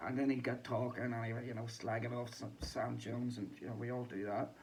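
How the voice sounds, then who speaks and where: A man's voice: mid-range voice, flat delivery, fairly quick, slight background noise, low-quality recording. A Northern Irish man giving a casual, sweary and rambling boxing reaction with a mocking tone. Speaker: boxing commentator. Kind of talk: casual chat.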